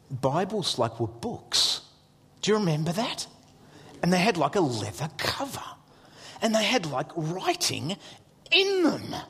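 A middle-aged man, preaching a sermon as an animated storyteller who acts out his son's lines. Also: on the high side, slightly rough. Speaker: pastor. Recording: long hall reverb.

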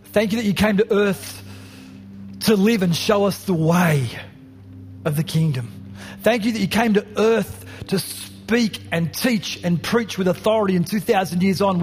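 Passionate male pastor preaching. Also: high-pitched. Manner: passionate, rising to emphatic repetition. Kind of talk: sermon. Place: church hall.

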